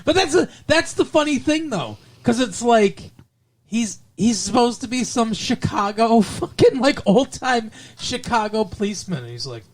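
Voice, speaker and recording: A man co-hosting a movie podcast in casual chat, joking, laughing often and slipping into quick impressions. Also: very high voice. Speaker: podcast co-host.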